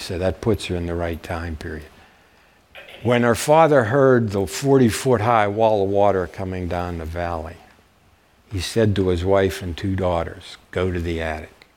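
An older man giving a public history lecture with slides, telling stories folksily and often checking in with his audience. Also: low voice. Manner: folksy storyteller, checks in with "okay?". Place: warm lecture room.

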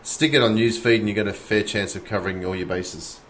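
Australian man, lowish voice, podcast co-host, casual enthusiastic chat. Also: steady tone, brisk, a bit bright, a little hiss or hum.

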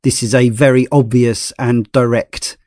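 A man explains and agrees in easy podcast talk. His voice is of ordinary pitch and recorded dry. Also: flat delivery, a little slow, darkish tone, no echo. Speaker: podcast co-host. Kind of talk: casual chat.

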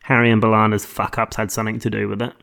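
A man's voice: on the low side, level tone, racing, creaky, a bit bright. A man co-hosting a podcast in casual chat, joking, laughing often and swearing freely. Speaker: podcast co-host.

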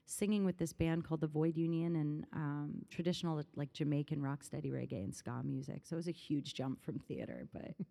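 A woman's voice: sits low, a little fast, gravelly, hardly any pauses, dark tone. A woman musician in her thirties in a casual interview, chatting animatedly, often laughing and rambling through stories. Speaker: musician guest.

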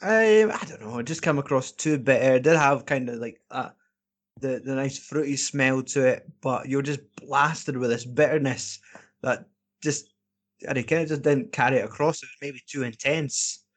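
A man talks beer with his co-host in loose, blunt banter. He swears freely and teases without much filter, and his voice sits at an ordinary pitch for a man. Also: normal speed. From Scotland. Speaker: podcast co-host. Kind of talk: casual beer podcast banter.

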